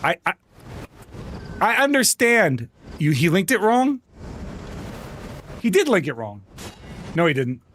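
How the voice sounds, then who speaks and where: A man on a live gaming stream with a high voice that leaps all over the place. He rants and yells at his game and his chat in frustration, over a faint steady hum. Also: slow pace, pauses often. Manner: exasperated, ranting, yelling in frustration. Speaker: vtuber streamer.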